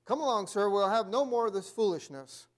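Stern old-time male preacher, firm and high-voiced, read aloud by a man. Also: animated, a little fast.

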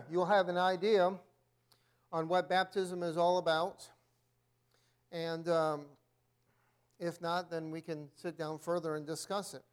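High-voiced male Bible class teacher who often clears his throat. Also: darkish tone. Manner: frequent throat clearing, reads aloud from notes. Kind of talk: church Bible lesson.

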